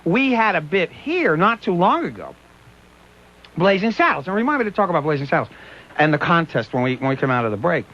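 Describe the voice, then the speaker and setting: A man hosting a radio show, telling stories in a casual, animated way and slipping into voices, heard on a dull lo-fi broadcast recording. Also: fairly high pitch, fairly quick. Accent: Pittsburgh. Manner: animated, laughing, doing voices in quoted bits. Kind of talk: casual on-air storytelling. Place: radio studio.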